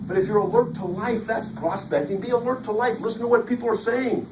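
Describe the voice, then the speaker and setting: A man's voice: high voice, a little fast, noisy background. A man giving a punchy, joking motivational sales talk to a live audience, recorded from a distance in a large hall. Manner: punchy, jokey, preacher-like. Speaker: motivational speaker. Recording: echoey hall from far off.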